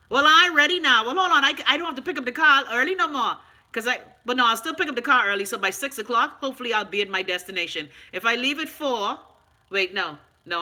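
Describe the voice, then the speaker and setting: A Bahamian woman hosting a casual live stream, frank and animated, swearing freely and answering viewer comments. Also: on the high side. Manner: loud, animated, talks back to viewer comments.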